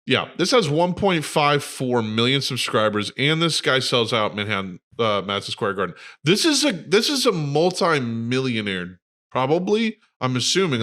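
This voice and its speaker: A man's voice: mid-range voice, sing-song, moderate pace, a bit bright. Man with blunt, profane podcast banter. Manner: blunt, profane, wry asides. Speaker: podcast co-host. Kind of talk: casual chat.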